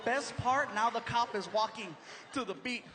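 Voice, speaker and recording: High-voiced comedian spinning a story. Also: male voice, slight background noise. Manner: animated, quick, full of voices and impressions. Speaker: stand-up comedian. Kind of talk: stand-up storytelling. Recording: live hall recording with audience ambience.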